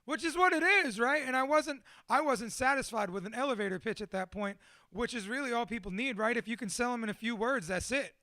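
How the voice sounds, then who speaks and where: Guy in his 30s swearing nonstop while he rambles about his life, really high bright voice, dry close sound. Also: a little fast, no room sound. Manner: profane, rambling and self-deprecating. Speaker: motivational speaker. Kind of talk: candid personal monologue.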